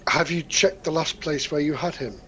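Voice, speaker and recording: A man's voice: a little high, normal speed, pushed and bright, a little hiss or hum, poor audio. A man playing his character in a tabletop game, polite and formal, with corny puns. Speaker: player.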